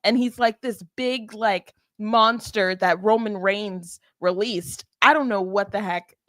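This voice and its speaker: A young woman co-hosting a podcast, casually retelling events in an animated way, acting out what people said. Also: mid-range voice, takes it slowly, no room sound. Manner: chatty, animated retelling with quoted asides. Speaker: podcast co-host. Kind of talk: casual chat recapping wrestling.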